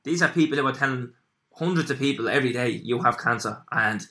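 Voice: medium pitch, quick pace, bright, forceful tone. A podcast host in casual chat, supportive and often cutting in with short replies.

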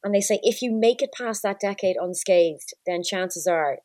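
A woman's voice: medium pitch, moderate pace, a little mellow, no echo. A woman, co-hosting a podcast from her living room, wry and teasing as she gives her opinions. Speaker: podcast co-host. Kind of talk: casual chat.

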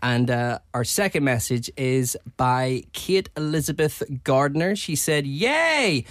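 A man's voice: mid-range voice, unhurried, dry recording. A man with a Northern Irish accent co-hosting a podcast, reading listener messages with jokey, teasing banter. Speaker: podcast co-host.

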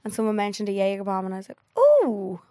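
A young woman co-hosting a podcast, telling animated stories and swearing casually in casual chat. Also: mid-range voice, fast talker, no echo. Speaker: podcast co-host.

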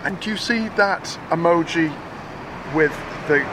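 Rambling radio reporter. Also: male voice, fairly high pitch, measured pace, background noise. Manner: rambling, hesitant, self-mocking. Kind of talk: casual radio chat and street interview.

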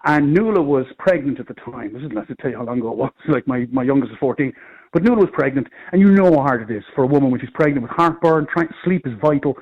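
A middle-aged Irish man, a comedian, telling rambling, animated anecdotes in casual chat. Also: on the high side, lo-fi sound. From Ireland. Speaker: comedian guest. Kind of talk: casual storytelling.

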